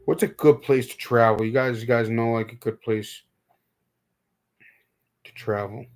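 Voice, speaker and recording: A man's voice: medium pitch, fairly even intonation, measured pace. Young male streamer, loose rambling chat, lots of restarts. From New York. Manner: rambling, repeats words, talks to chat viewers. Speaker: livestream host. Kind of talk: casual live-stream chat.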